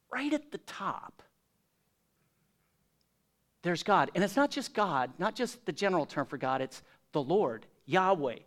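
Guy pastor giving a sermon, kinda high voice, punches words loud then drops quiet. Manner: emphatic, swinging between loud stresses and soft low asides.

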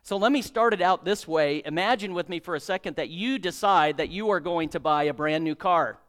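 A man's voice: high-pitched, a little fast, a bit bright. A man preaching a sermon, praying and then telling a story in a conversational way and acting out its dialogue.

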